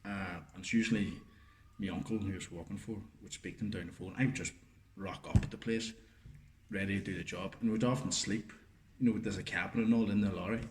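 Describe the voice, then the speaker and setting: A man's voice: lowish voice, fairly even intonation, fast, a little hiss or hum. A middle-aged man, chatting casually as a podcast co-host and spinning a rambling, sweary anecdote. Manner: rambling storyteller, full of fillers and swearing. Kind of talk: casual chat, anecdote telling. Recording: roomy echoey room.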